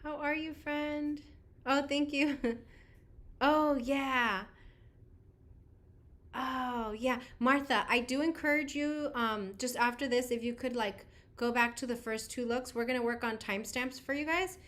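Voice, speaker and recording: A woman's voice: sits high, fairly even intonation, unhurried, a bit bright. A woman in her thirties, a beauty vlogger chatting casually on a livestream, greeting viewers and laughing often.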